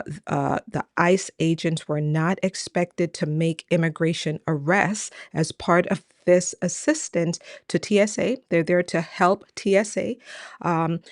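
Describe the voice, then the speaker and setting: Low-voiced woman hosting immigration news, chatty and direct, recorded dry and close. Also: steady tone, takes it slowly, no echo. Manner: chatty, many fillers, asks viewers questions. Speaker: immigration lawyer and host. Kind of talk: casual news commentary to camera.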